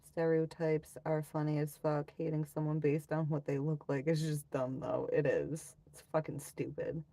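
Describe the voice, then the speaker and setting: A young woman talks to her livestream viewers in a casual, blunt, profane rant. Her voice sits low and carries a gravelly fry. She answers comments as they come in. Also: little pitch movement, moderate pace, warm tone, no echo. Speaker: livestream host.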